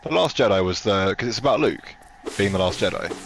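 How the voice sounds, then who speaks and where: A man's voice: lowish voice, animated, brisk, a little hiss or hum. A man chatting casually as a guest, rambling and correcting himself with amusement. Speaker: co-host guest. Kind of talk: casual gaming chat. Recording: game music clearly behind.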